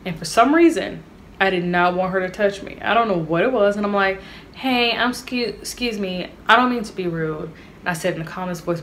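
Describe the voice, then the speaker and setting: A woman's voice: medium pitch, brisk, fairly bright tone, slight background noise. A young woman, chatting animatedly and straight to her viewers in a casual storytime vlog. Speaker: vlogger.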